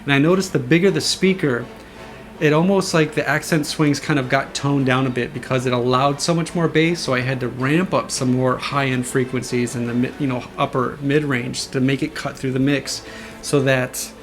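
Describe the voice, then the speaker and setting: A man casually explaining how he designed sound effects, eager and imitating whooshes and booms with his voice. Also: fairly even intonation, moderate pace, faint music behind. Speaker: saber sound font designer.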